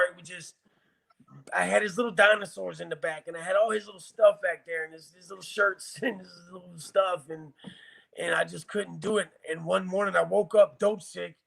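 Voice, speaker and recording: Gravelly, higher-voiced man telling his story. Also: fairly bright tone. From Virginia, US. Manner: blunt, profane, emotional retelling. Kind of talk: casual storytelling interview.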